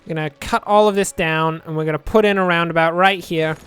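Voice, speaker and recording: High, smooth-voiced young man rambling. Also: steady tone, a little fast, fairly bright tone. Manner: rambling, joking, muttering asides to himself. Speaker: let's play host. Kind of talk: casual gameplay commentary.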